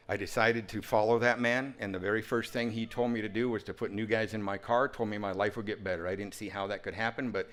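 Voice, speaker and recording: Animated man telling his recovery story. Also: mid-range voice, fairly quick. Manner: animated, humorous, full of sound effects. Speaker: recovery talk speaker. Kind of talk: personal storytelling speech.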